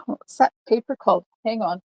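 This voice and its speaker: A woman's voice: on the high side, a little fast, warm tone, slightly rough, no echo, poor audio. An older woman, a card-making instructor, chatting to viewers during a live-streamed craft tutorial in her home craft room. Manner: chatty, talks to viewers while stamping.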